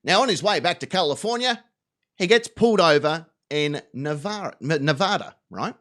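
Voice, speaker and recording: A man with a high, bright voice hosts a live talk show. He tells a long anecdote with plenty of profanity, swinging his pitch widely and slipping into quick voices for each character. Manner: animated, profane storyteller doing quick voices.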